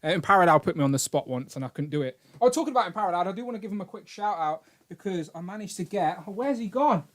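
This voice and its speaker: A man's voice: high voice, expressive, fast, few pauses. A British man hosting a toy collecting live stream, rambling and joking as he thanks donors. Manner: rambling and jokey, reads out donations. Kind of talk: casual live-stream chat.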